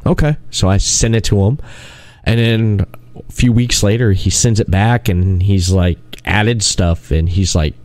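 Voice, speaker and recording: A man hosting a podcast, telling a long rambling story in casual chat and quoting others in a lowered voice. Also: a little slow, darkish tone, dry recording. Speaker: podcast host.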